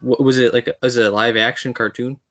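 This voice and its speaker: A man's voice: mid-range voice, little pitch movement, brisk, fairly bright tone, no room sound, muffled recording. A man hosting a podcast, chatting casually with a guest and laughing often. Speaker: podcast host. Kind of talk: casual interview chat.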